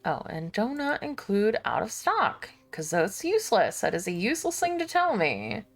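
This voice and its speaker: A young woman streamer chatting casually to her viewers while she shops online, thinking out loud and laughing often. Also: mid-range voice, huge pitch swings, normal speed, faint music behind.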